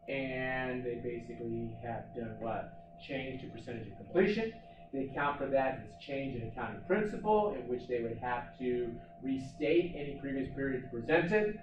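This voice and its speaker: A man lecturing on accounting to a class. He is animated and asks the class questions, then answers them himself. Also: mid-range voice, normal speed, muffled recording, music in the background. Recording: echoey classroom, mic far off.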